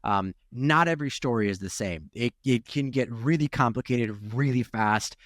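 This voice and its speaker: A startup CEO in his thirties, originally from Ukraine but with a Chicago accent, talks in an interview conversation. His medium-pitched, fairly bright voice keeps a moderate pace, and he often restarts sentences and tags them with "right?" The sound is clean studio audio with no echo.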